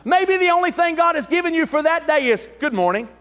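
A man preaches in a strikingly high voice, fervent and building to shouts, with joking asides between points. His sermon rings through a church hall with a long, trailing reverb. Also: expressive, brisk. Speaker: pastor. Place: church sanctuary.

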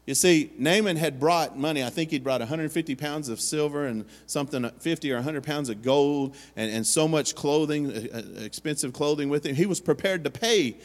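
A man's voice: on the high side, fairly quick, few pauses. A man preaching a sermon as pastor, speaking in an earnest storytelling manner and acting out the voices he quotes. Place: church sanctuary. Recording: long hall reverb.

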